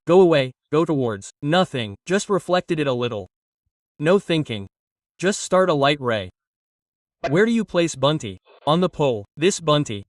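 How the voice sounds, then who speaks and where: Brisk male physics teacher. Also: on the high side, no room sound, studio quality, distant mic. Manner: energetic, repetitive, coaxing students directly. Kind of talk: classroom lecture.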